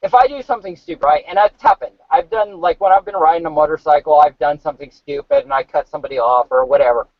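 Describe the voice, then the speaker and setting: A man telling stories in a casual, profane chat, animated and swearing freely. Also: fairly high pitch, quick pace, few pauses, no room sound. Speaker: podcast co-host. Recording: dull dry home mic.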